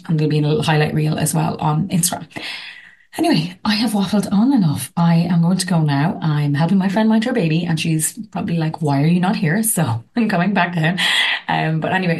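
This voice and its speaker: A woman's voice: low voice, darkish tone. An Irish woman hosting a podcast, chatting casually and rambling with lots of fillers. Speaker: podcast host. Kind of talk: casual chat.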